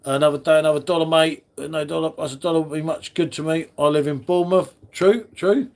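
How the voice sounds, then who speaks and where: A man's voice: a little high, level tone, fast, creaky, darkish tone. A man hosting a casual live stream, chatting with viewers in the chat by name. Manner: chatty, matey, talks to chat readers by name.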